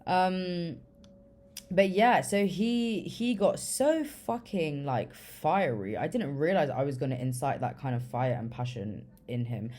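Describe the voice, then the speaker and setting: A woman's voice: deep voice, lively intonation, a little slow, mellow. A young woman telling a story in a loose, casual way, full of swearing and fillers like "like". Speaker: vlogger.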